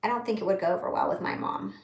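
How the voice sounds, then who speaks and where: Woman, 30s, livestream vlogger; candid rambling chat, gravelly edge, roomy echo. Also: mid-range voice, wildly swooping pitch. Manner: rambling, candid, pauses to read comments. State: holding back tears.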